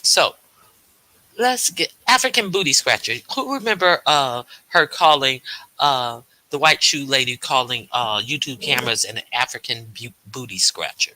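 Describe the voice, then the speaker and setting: Bright, hesitant man rambling on a livestream. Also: medium pitch, lively intonation, moderate pace, no room sound, rough recording. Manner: rambling, hesitant, many fillers and restarts; reads and answers viewer chat aloud. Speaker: livestream host. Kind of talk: casual livestream chat.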